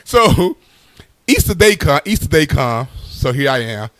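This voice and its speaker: A male comedian doing stand-up storytelling, animated and tossing in constant asides. His voice sits a little high, and the sound is dry and close with no room echo. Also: a little slow.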